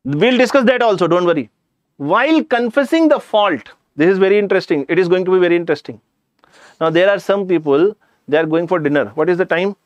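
A man's voice: high-pitched, expressive, quick pace, dry recording, highs cut off. A man with an Indian English accent teaching a live online grammar class, chatty, addressing students directly and slipping in jokes.

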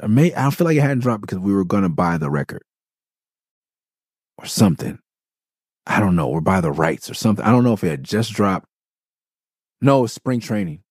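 Deep-voiced man telling a profane story. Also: vocal fry, darkish tone, dry recording, studio quality. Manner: profane, rambling, loose and candid. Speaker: podcast host. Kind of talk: candid storytelling.

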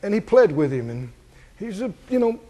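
A male pastor preaching a sermon to a congregation, asking them questions and climbing to high, emphatic peaks. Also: big pitch swings, moderate pace, mellow.

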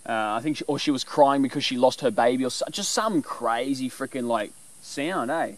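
A man casually explaining animal calls in a rambling, relaxed way with lots of fillers. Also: medium pitch, moderate pace, dry recording. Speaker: bushcraft vlogger.

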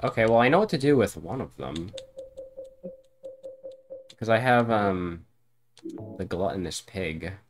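A man's voice: on the low side, lively intonation, measured pace, long pauses, faint music behind. A man giving casual let's-play commentary on a horror game, thinking aloud and swearing often. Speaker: streamer playing a horror game.

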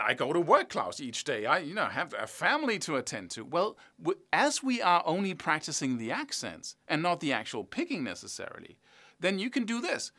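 A man's voice: high-pitched, bright, forceful tone. A man teaching a guitar lesson on video in a chatty, self-mocking way, chanting rhythms aloud as he explains.

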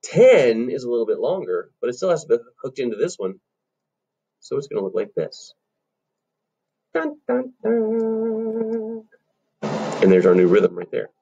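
A man teaches a children's rhythm lesson, chanting syllables and walking through the beats in an upbeat way. His voice is a little husky, and his pitch swings widely as he counts and claps along. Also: lively intonation, a little fast, mellow, muffled recording. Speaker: music teacher.

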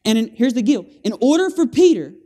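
A man preaching an animated sermon in a church, calling for amens from the congregation and acting out scenes with sound effects. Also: extremely high pitch, fairly quick. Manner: animated, with call-and-response and vocal sound effects. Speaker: guest preacher. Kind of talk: lively evangelistic sermon. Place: church sanctuary.

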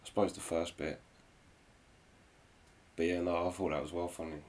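A man, hosting a reaction video and chatting casually in a relaxed, rambling way. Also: low-pitched, moderate pace.

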